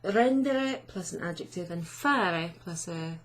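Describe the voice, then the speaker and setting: A woman's voice: fairly low pitch, lively intonation, a little slow, slight background noise. A woman teaching a chatty, self-deprecating online language lesson, often asking learners questions.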